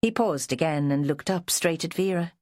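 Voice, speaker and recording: A woman reading an audiobook in measured, expressive scripted narration. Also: sits low, dry recording, studio quality.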